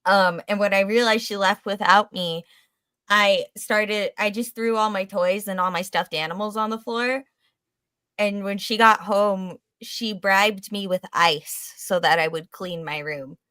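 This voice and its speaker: A woman co-hosting a casual podcast chat, teasing the others with quick banter. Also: mid-range voice, steady tone, sharp tone, clean tone, dry recording. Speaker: podcast co-host.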